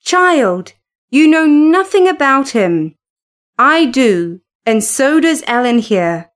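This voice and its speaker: A woman's voice: high voice, big pitch swings, slow pace, heavily acted. A woman reading aloud as a proud young woman who scolds and teases with a knowing edge. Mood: scolding. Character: proud young woman, sharp-tongued friend.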